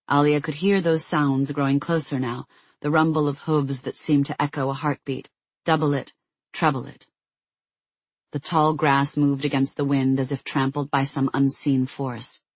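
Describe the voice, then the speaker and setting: An audiobook narrator reading a story in a calm, measured way. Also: mid-range voice, dry recording. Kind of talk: scripted narration.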